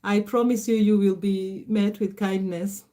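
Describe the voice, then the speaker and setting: A middle-aged Kenyan-accented woman hosts a casual livestream. She talks straight into her phone or webcam, reading viewer comments aloud and greeting each viewer by name, in a mellow, soft-toned voice at a medium pitch. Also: fairly even intonation, measured pace. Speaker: livestream host.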